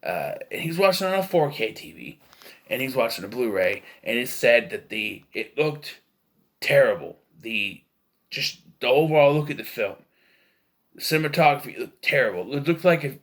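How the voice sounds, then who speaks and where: Male film reviewer, casual and opinionated, with a tense edge and pitch that jumps all over. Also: very animated, normal speed, fairly bright tone. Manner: rambling, opinionated, with frequent fillers and restarts. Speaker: movie reviewer.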